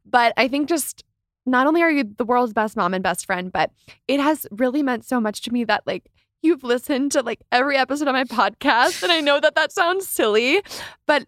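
Brief: young woman podcast host, chatty and animated, mid pitch, very dry close mic. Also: normal speed, no room sound. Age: young adult. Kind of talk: casual interview chat.

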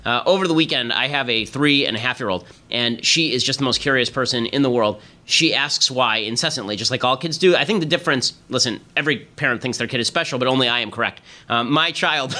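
Fast, bright-voiced male podcast host. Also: medium pitch. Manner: fast, emphatic, sarcastic. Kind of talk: political commentary podcast.

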